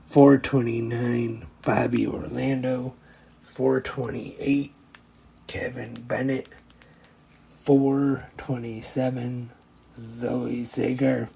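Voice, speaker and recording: A man's voice: medium pitch, creaky, dark tone, a little hiss or hum, low-quality recording. A man hosting a podcast, reading out a ranked list with brief asides, and he is losing his voice a little. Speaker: podcast host.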